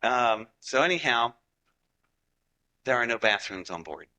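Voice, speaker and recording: A man's voice: mid-range voice, expressive, unhurried, pushed and bright. A man with a Southern US accent giving a folksy storytelling talk to a live audience, chatty and joking with the crowd. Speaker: speaker addressing a live audience.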